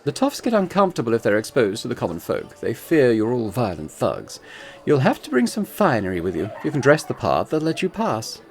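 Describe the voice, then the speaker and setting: A man's voice: medium pitch, wildly swooping pitch, a little fast, a little mellow, soft background music. A man voicing a posh, scheming woman crime boss in a haughty drawl, in a tabletop game. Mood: commanding.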